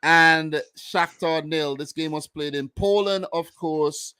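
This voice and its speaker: A young American man with a New York accent hosts a casual football podcast, laid-back and slangy, often repeating himself. His voice is fairly high, pushed and bright yet smooth, and slow-paced, with no echo.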